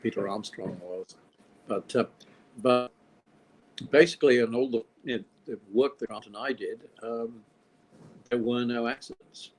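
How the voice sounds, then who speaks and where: A man's voice: mid-range voice, unhurried, pauses often, poor audio. An older man from Australia, a film director being interviewed, talking in a rambling way with dry, wry humor. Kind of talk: casual interview conversation.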